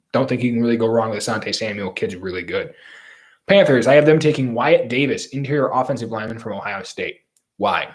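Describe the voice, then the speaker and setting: Opinionated man rambling through football picks. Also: mid-range voice. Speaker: sports commentator. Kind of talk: solo football draft commentary.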